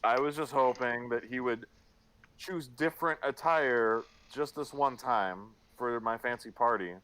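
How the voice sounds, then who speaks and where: A man's voice: mid-range voice, a little slow, fairly bright tone, clean tone. A man playing a tabletop game, bantering in character with exasperated, profane remarks. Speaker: player.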